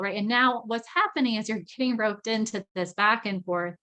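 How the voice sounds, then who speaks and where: A woman's voice: on the high side, moderate pace, bright, forceful tone. Lady teaching a parenting class, casual and conversational, keeps asking right?. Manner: conversational, often adds tag questions. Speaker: parenting skills presenter. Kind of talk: recorded training lecture.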